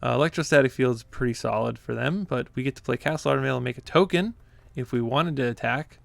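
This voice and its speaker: This gaming content creator talks fast in a creaky, mid-range voice while narrating his card game live. He's chatty, easily rattled and laughs frequently. There's no echo.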